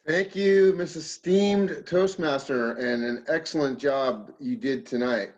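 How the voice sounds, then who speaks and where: A man's voice: medium pitch, slow pace, darkish tone. A man acting as general evaluator at an online meeting, introducing the next speaker in a playful, ceremonious way over a video call. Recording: dull lo-fi video call audio.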